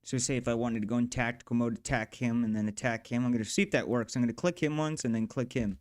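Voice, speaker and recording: Speaking fast in a mid-range voice, a man narrates a casual game devlog. Along the way he keeps swearing and grumbling in exasperation at the software.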